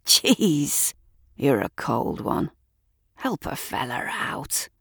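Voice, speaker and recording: Lady doing a hoarse scrounging bloke, wheedling, gravelly, slow and low. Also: big pitch swings, a bit bright, no room sound, studio quality, exaggerated voice. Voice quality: hoarse, rough. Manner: wheedling, cadging. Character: scrounging hoarse middle-aged British man, wheedling.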